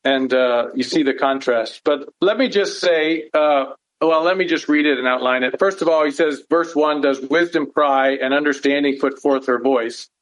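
Man, pastor, conversational sermon, earnest, rhetorical questions, fairly high voice. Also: moderate pace, hardly any pauses, poor audio. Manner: earnest, asks rhetorical questions, frequent "right?". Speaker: pastor teaching a Bible study.

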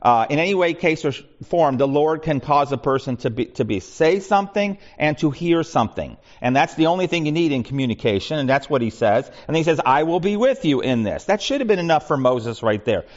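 A man's voice: a little high, expressive, fairly quick, hardly any pauses. A man leading a Bible study, talking conversationally with frequent restarts and asides. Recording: muffled lo-fi recording.

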